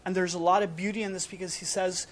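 A man preaching a sermon in a casual, emphatic way, with dramatic pauses between short punchy phrases. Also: sits high, flat delivery.

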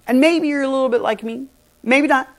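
A middle-aged man preaching a sermon as pastor, emphatic and animated, his voice swinging from loud to soft. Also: very high-pitched, fairly quick.

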